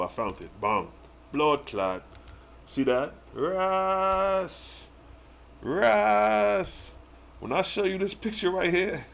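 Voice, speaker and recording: A man with a fairly high voice teaches scripture on a livestream. He reads verses at a slow, deliberate pace, then jumps into excited street-slang commentary and throws rhetorical questions at his listeners. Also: creaky. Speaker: religious livestream host.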